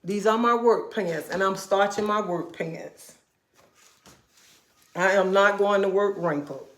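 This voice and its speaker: Casting note: middle-aged woman, livestream host, animated storyteller, mid pitch, roomy echo. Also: measured pace. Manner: animated storytelling with Southern-style speech. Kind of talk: casual livestream chat. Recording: echoey room.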